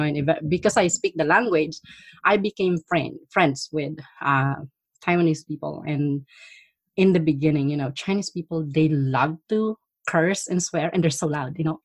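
A middle-aged woman telling stories from her past in a casual chat, animated and laughing often. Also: low voice, moderate pace, dry recording. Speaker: guest. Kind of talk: casual storytelling.

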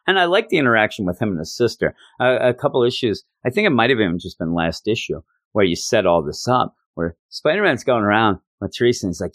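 A man hosting a podcast, casually reviewing a comic book and retelling its scenes with quick quoted lines. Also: fairly low pitch, dry recording. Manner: animated retelling, quoting characters in quick bursts. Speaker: podcast host.

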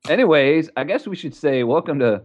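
Lively, joking man on a lo-fi podcast. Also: fairly high pitch, a little fast. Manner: joking, teasing, chanting. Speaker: podcast co-host. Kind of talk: casual sports podcast banter. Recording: lo-fi, muffled mic.

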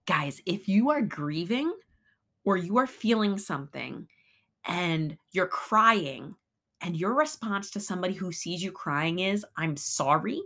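A woman's voice: lowish voice, expressive, unhurried, a bit bright. A middle-aged woman co-hosting a casual faith podcast, talking earnestly and emphatically, laughing often. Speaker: podcast co-host.

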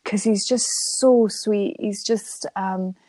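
A young woman, a guest in an interview, chatting warmly about her life and laughing often as she tells a story. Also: medium pitch, fairly even intonation, slow, dry recording. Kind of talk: emotional interview conversation.

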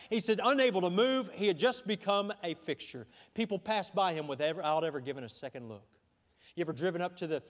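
A man's voice: sits high, in a large hall. A man preaching a sermon as pastor, folksy and conversational, with asides and restarts. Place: church sanctuary.

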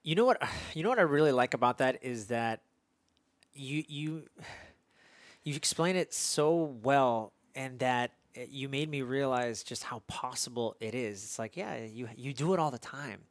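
A man hosting an interview, talking reflectively in a halting, casual way with frequent restarts. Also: mid-range voice, no room sound. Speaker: podcast host. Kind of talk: conversational interview.

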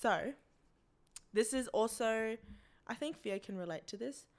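A woman's voice: fairly high pitch, expressive, unhurried. A young woman co-hosting a casual podcast, giggly and teasing as she chats. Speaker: podcast co-host. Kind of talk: casual chat.

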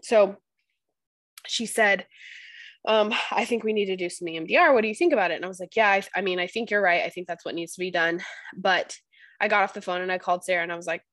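A woman's voice: medium pitch, fast talker, a bit bright, dry recording. A young woman hosting a podcast, chatting casually and telling stories with frequent restarts. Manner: chatty, storytelling, many restarts. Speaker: podcast host.

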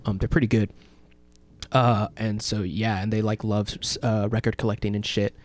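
A man, hosting a radio talk show and telling a long story in a loose, animated way with lots of fillers and swearing. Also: on the low side, normal speed. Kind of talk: casual chat, storytelling.

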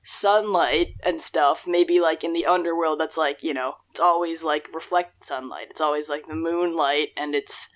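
A woman's voice: low voice, steady tone, moderate pace, few pauses. Young woman rambling in her morning voice. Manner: rambling, self-deprecating, laughs often. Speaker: podcast co-host. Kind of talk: casual chat about song lyrics.

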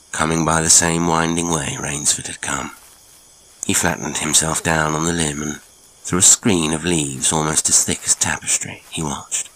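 A man narrating a classic adventure story in a measured, dramatic storytelling manner. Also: rumbling low, pushed and bright. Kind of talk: scripted audiobook narration.

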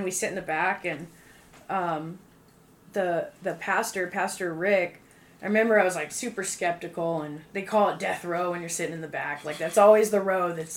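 A young woman casually telling a personal testimony, full of fillers and acted-out quotes. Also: on the low side. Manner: fillers like "um" and "like", animated quoting. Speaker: guest sharing testimony. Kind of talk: casual storytelling.

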